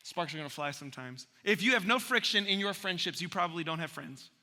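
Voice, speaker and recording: A man preaching from the pulpit with a very bright, forceful, high-pitched voice. He talks to the congregation like a friend, joking and slipping into little acted voices. His words ring out with a long church-hall reverb from a live recording. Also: fast. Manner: animated storyteller who acts out voices; humorous, conversational preaching. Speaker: pastor. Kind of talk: sermon. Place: church sanctuary.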